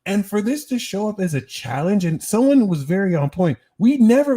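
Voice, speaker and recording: A man's voice: high voice, very animated, moderate pace, dark tone. A young man doing a live-stream tarot reading, talking casually with lots of swearing and slang while answering his chat. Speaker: tarot reader.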